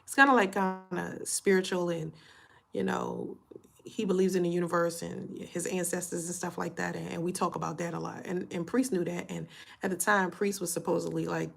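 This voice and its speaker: Tired woman in her 30s chatting candid to her viewers, low gravelly voice, swears a lot. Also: flat delivery, moderate pace. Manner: candid, storytelling, frequent fillers and profanity. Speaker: channel host. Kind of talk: casual chat to camera.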